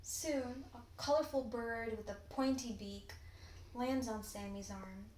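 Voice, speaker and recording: A teenage girl narrating a children's picture book in an expressive, deliberate read-aloud style. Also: a little high, reverberant, a little hiss or hum, rough recording. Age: teens. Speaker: storybook reader.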